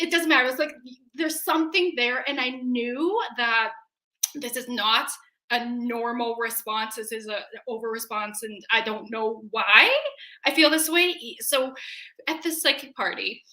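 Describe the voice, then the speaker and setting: A woman in her forties telling a personal story in a casual, animated way, acting out her own scared reactions. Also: on the high side, normal speed, echoey room. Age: 40s. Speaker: webinar guest.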